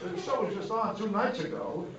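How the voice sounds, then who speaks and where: An older man speaking as guest at a screening Q&A, telling anecdotes in an animated, self-mocking way to an audience in a large hall. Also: high-pitched, normal speed. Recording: echoey hall, distant, dull, noisy.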